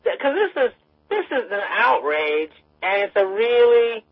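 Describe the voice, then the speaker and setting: A woman co-hosting a political talk radio show, outraged and halting as she searches for words. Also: a little high, sing-song. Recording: dry lo-fi radio sound.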